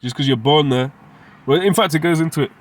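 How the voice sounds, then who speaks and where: A man's voice: a little high, fast. A man teaching scripture informally, asking rhetorical questions and dropping street slang. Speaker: Bible teacher.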